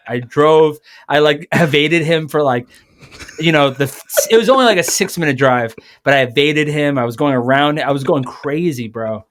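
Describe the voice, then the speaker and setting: A man chatting as a guest on a podcast, spinning a lively personal anecdote. He talks casually, piles up fillers and restarts, and slips into other people's voices as he goes. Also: fairly high pitch, moderate pace, a little hiss or hum. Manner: animated, acts out quoted voices; frequent fillers and self-corrections. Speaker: guest musician. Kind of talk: casual storytelling.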